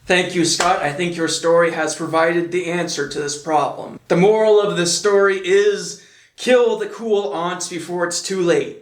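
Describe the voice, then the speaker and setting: A man's voice: high voice, steady tone, a little slow, roomy sound. A man giving sarcastic commentary as a video reviewer, making dry, mocking jokes.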